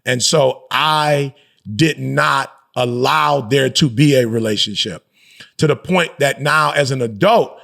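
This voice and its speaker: Speaking slowly in a medium-pitched, creaky, slightly bright voice, this middle-aged motivational speaker and pastor chats openly as a podcast guest. The interview is candid and conversational, and he is reflective and emphatic, sprinkling in slang.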